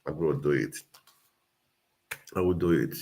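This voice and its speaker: Man, very low voice, earnest livestream host, repeats his points. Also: moderate pace, darkish tone. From Nigeria. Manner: earnest, repetitive, exhorting. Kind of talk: casual livestream monologue.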